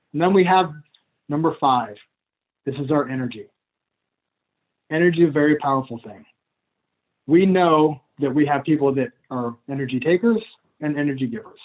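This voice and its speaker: Man, coach trainer, casual and chatty, slightly high voice, tinny video call audio. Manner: casual, chatty, laughs at himself, acts out client dialogue.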